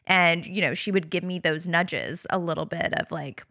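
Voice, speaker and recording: Chatty bright-voiced woman podcast host. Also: lowish voice, moderate pace, vocal fry, no room sound, clean studio sound. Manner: chatty, rambling, laughs often. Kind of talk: casual chat.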